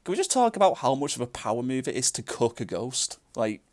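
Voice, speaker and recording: A man's voice: mid-range voice, big pitch swings, fast talker, darkish tone. A man hosting a podcast, teasing his co-hosts and laughing often in loose, casual chat. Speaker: podcast host.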